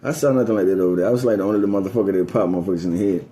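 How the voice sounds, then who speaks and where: A man in a rambling, casual monologue, telling a loose, profane story that drifts between topics and climbs higher when he gets going. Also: rapid-fire, slight background noise. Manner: rising pitch on excited story beats.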